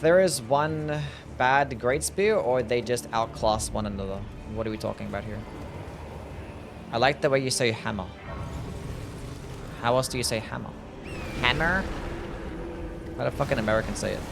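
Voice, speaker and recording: A man's voice: medium pitch, normal speed, gravelly, pauses often. A young man streaming a video game, chatting casually, swearing freely and answering his chat. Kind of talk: casual gameplay commentary. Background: game music.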